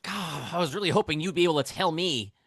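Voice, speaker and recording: Man as an excitable teen duelist, bright, dry voice. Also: on the high side, fast talker, breathy edge, no echo. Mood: eager. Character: eager teen male card duelist.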